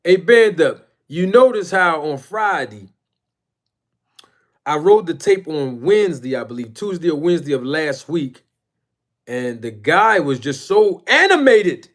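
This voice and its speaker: A man hosting a casual boxing live stream, rambling and emphatic as he shouts out chat viewers by name. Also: fairly high pitch, very animated, unhurried. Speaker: boxing YouTube channel host.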